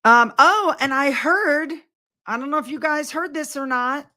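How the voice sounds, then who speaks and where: A woman's voice: high voice, measured pace, bright, forceful tone. An older woman vlogging from home, talking straight to her viewers. She rambles from one thing to the next with effusive enthusiasm, keeping everything loose and casual.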